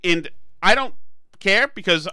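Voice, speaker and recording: A man's voice: sits high, lively intonation, unhurried, sharp tone, clean tone, dry recording. A man hosting a political podcast, talking emphatically and sarcastically, often restarting his phrases. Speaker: podcast host. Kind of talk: political commentary chat.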